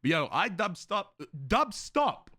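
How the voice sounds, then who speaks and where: An Australian man chatting casually with his viewers on a live stream, loud and excitable, swearing freely. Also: sits high, slow pace, no room sound, studio quality.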